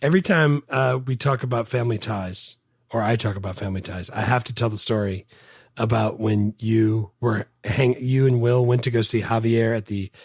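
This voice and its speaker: A man's voice: mid-range voice, moderate pace, creaky, breathy edge, no room sound, studio quality. A man who teaches, co-hosting a movie podcast and telling stories with enthusiasm. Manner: enthusiastic, animated storyteller, says "dude". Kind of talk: casual chat.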